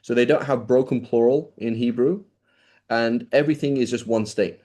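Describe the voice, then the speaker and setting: A male teacher lecturing in an easygoing, conversational way, tagging "right?" onto most sentences. He keeps turning to his students with quick questions. His pitch sits in the middle for a man. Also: fairly even intonation, darkish tone. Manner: casual, checks in with "right?" constantly. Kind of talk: classroom lecture.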